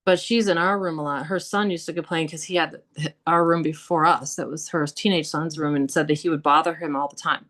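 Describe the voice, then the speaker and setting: A woman telling ghost stories as a podcast guest, animated and chatty, acting out quotes with frequent laughs. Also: deep voice, a little fast, few pauses. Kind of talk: casual storytelling about hauntings.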